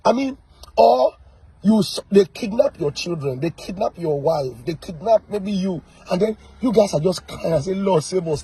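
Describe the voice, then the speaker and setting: A man preaching a sermon, emphatic and full of rhetorical questions, swinging between loud and soft. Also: high voice, husky, no room sound, poor audio. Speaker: pastor.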